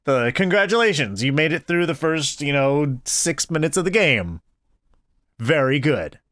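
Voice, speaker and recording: A man's voice: on the high side, very animated, unhurried, fairly bright tone, dry recording, studio quality. A man hosting a let's play, making casual, playful and enthusiastic gaming commentary. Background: game soundtrack.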